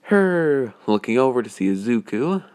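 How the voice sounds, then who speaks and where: A man's voice: mid-range voice, big pitch swings, normal speed, darkish tone, clean tone. A man narrating a fan story off the cuff, rambling with many hesitant restarts. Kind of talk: improvised fan story reading.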